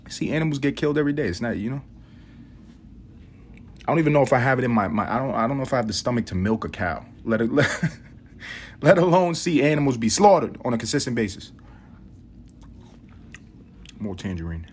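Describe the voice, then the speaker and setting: A man's voice: lively intonation, fairly quick, long pauses, slight background noise. A young man from New York City telling rambling, profane stories on his solo podcast. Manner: rambling, profane, muses aloud; mimics his grandmother in a high voice. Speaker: podcast host. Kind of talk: casual solo storytelling.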